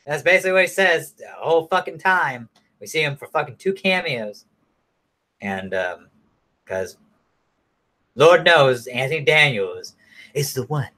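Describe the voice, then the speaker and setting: A man's voice: on the high side, lively intonation, measured pace, long pauses, sharp tone. A man casually recapping a movie in a rambling, profane way, full of fillers and restarts. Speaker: movie reviewer.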